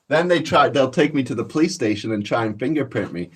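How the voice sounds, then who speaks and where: A man's voice: medium pitch, brisk, few pauses, a bit bright, breathy edge. A man, telling stories casually on his vlog in a profane, boastful, laid-back way. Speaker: cannabis vlogger. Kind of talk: casual storytelling.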